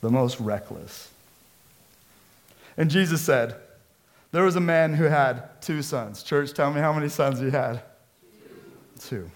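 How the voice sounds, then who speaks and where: Pastor guy telling stories in a sermon, animated, acts out voices. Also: on the high side, slow pace, pauses often. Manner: storytelling, animated, acts out quotes.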